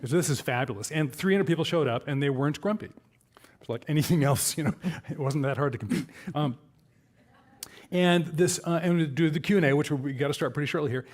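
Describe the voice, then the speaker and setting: A man's voice: on the high side, fairly quick. An older man telling anecdotes at a live event, acting out the people he quotes. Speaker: co-author and speaker. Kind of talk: storytelling at a live talk.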